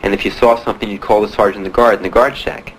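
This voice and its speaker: A young man, a veteran, telling his own story in plain, halting speech with many pauses. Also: on the low side, fairly even intonation, slight background noise, low-quality recording. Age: young adult. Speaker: Vietnam veteran giving testimony. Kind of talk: personal testimony.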